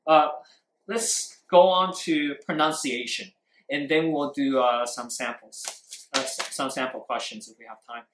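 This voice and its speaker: A man's voice: mid-range voice, fairly even intonation, unhurried, a bit bright, reverberant, a little hiss or hum, poor audio. A man teaching a live-stream lesson, repeating his points and quizzing viewers with questions. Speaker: English speaking teacher.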